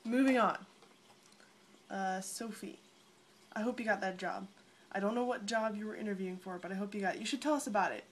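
A woman's voice: medium pitch, fairly quick, long pauses, slight background noise. A young woman chatting casually to friends in a vlog recorded on her phone, bubbly and rambling, often giggling between thoughts. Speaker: vlogger. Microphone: phone camera at arm's length.

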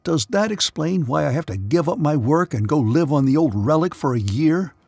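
A man's voice: medium pitch, fairly quick, darkish tone, no room sound, natural voice. A man voicing an angry young starship-line man who protests hotly. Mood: scornful. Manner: heated, protesting.

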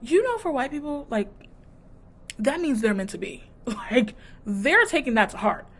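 A woman vlogger casually recapping a dating show, sassy and animated, acting out quotes in her retelling. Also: high voice, moderate pace. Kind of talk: casual chat.

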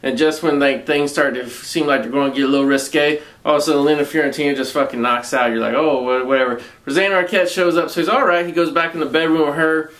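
A man's voice: on the high side, fairly even intonation, fast talker, hardly any pauses, fairly bright tone. A man with a Southern US accent reviewing a movie in a rambling, casual way, swearing constantly and using slang.

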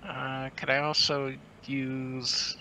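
A man with a bright, sharp voice playing in a tabletop game. He checks the rules with hesitant questions, and a faint noise sits behind him. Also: medium pitch, completely flat delivery, takes it slowly, poor audio. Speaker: player.

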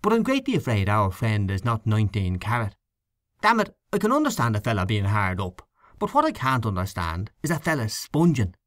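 A man reads a spoken storybook, voicing a scornful, complaining male canvasser who gossips and grumbles with wide pitch swings. The delivery is sing-song, a little fast, and a bit bright, in a dry, close recording.

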